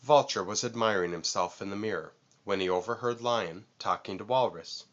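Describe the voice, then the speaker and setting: A man reading a children's storybook aloud to his nephews in a gentle storytelling manner. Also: lowish voice, normal speed, highs cut off.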